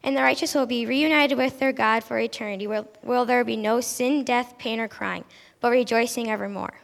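A woman playing a stern but kindly male prophet who declaims slowly in an amateur stage play. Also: fairly high pitch, steady tone, vocal fry. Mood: preaching. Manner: slow, declaiming, preachy. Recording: long hall reverb.

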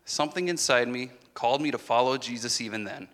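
A man's voice: medium pitch, brisk, fairly bright tone. A man delivering a dramatic first-person monologue as a disciple, anguished and confessional. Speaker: actor in a Passion monologue. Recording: reverberant hall.

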